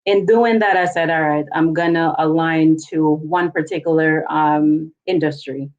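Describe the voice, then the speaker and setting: A woman author and poet, a guest telling her own story calmly and reflectively. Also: deep voice, lo-fi sound. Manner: calm and reflective, measured. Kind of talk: interview, personal story.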